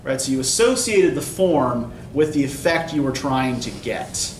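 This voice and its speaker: A man's voice: medium pitch, lively intonation, measured pace, distant mic, slight background noise. Lecturing man in an echoey classroom. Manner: explanatory, keeps asking "right?". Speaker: English instructor. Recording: echoey classroom recorded from afar.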